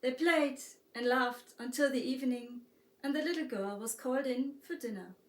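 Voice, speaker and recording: A woman with a German accent narrating a storybook tale slowly and softly, as a harpist and storyteller. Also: sits high. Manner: slow, soft-spoken storytelling. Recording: roomy echo, distant mic.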